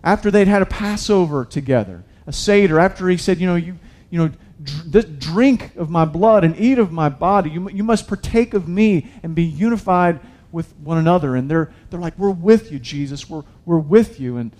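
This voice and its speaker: Male pastor, slightly high voice, chatty sermon delivery with lots of restarts. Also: lively intonation, moderate pace, hardly any pauses, darkish tone. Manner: conversational preaching, addresses listeners as guys, many restarts.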